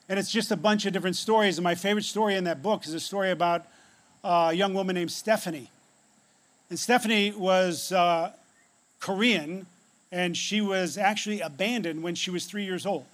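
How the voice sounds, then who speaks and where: A man preaching a sermon, telling a story with dramatic pauses and dropping to a hush on key phrases, then leading a prayer. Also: sits high. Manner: ends in prayer. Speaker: pastor.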